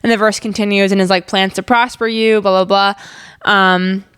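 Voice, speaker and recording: A young woman talks through her podcast in a loose, upbeat way, full of fillers and quick asides. Her voice is smooth and clear, sitting at a middle pitch. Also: fairly even intonation, a bit bright. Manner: chatty, upbeat, lots of "like" and "um", laughs while telling stories. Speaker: podcast host. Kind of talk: casual faith-based podcast chat.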